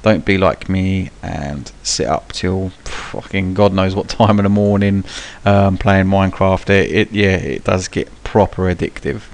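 A young man talks viewers through a game in a low, easygoing voice. His live commentary rambles, full of ums and restarts, with cheeky swearing thrown in. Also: steady tone, measured pace, vocal fry, hardly any pauses. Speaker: gaming channel host. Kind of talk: live gameplay tutorial commentary.

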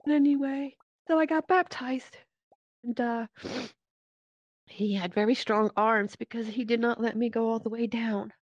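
A woman giving a personal faith testimony in an earnest, halting way, with many pauses and fillers, speaking into a VR headset microphone. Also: a little high, steady tone, dry recording. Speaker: church member giving a testimony. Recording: dull, dry lo-fi headset audio.

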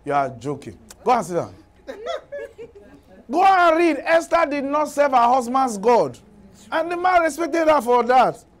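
Animated high-voiced preacher. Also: male voice, a little slow, long pauses. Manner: animated storytelling, laughing at his own points, scolding. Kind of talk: sermon.

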